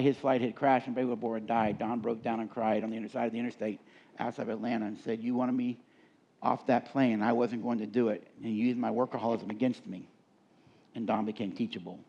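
A man's voice: medium pitch, warm tone, lo-fi sound. A middle-aged man speaking at a live leadership seminar, telling stories and asking the audience questions in a conversational way. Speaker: workshop speaker.

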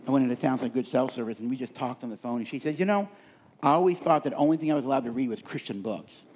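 A man's voice: mid-range voice, very fast, darkish tone, muffled recording. A middle-aged man speaking at a live leadership seminar, telling stories and asking the audience questions in a conversational way. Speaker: workshop speaker.

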